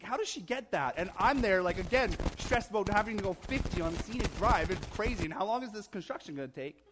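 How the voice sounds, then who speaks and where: A man's voice: a little high, fairly bright tone, a little hiss or hum. A man in his thirties, a pastor preaching a sermon in a church, conversational with humorous asides and emphatic rises. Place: church sanctuary.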